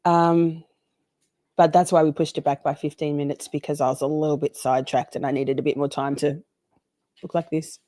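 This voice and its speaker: A chatty woman hosts a casual livestream and greets her viewers one by one. Her voice sits fairly low and mellow, recorded close and dry with no room sound. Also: level tone, normal speed, no room sound. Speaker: livestream host.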